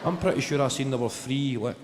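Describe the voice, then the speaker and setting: A man in his twenties with a Glaswegian Scottish accent, doing a stand-up routine and telling stories in an animated, profane way. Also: medium pitch, fairly quick, background noise. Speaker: stand-up comedian. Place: live venue on stage. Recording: long hall reverb, loud ambience.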